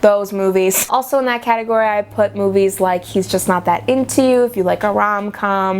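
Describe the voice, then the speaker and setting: A young woman in a casual vlog, ranting about a movie in a sarcastic, dramatic way, her pitch often jumping up for emphasis. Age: young adult. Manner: animated, with sudden jumps in pitch. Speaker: vlogger.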